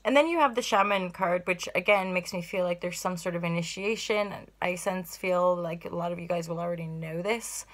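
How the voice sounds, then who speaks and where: A woman's voice: lowish voice, fairly quick, hardly any pauses, a bit bright. A woman giving a casual spiritual tarot reading, rambling and bubbly, laughing often as she talks. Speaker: tarot reader.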